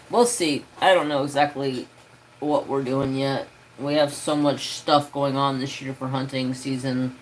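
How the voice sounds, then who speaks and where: A man's voice: medium pitch, a little hiss or hum, poor audio. A man hosting a craft live stream, chatting casually and rambling easygoingly with many fillers.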